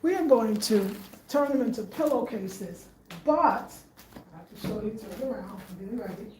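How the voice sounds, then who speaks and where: A woman's voice: fairly high pitch, animated, normal speed, darkish tone. A woman chatting casually in a home design vlog, thinking aloud as she shows her living room and often repeats herself. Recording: echoey room, faint room noise.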